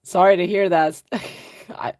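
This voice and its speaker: A woman's voice: fairly low pitch, steady tone, slow, a little mellow. A woman hosting an art livestream, chatting casually and answering viewer comments while she paints, often laughing.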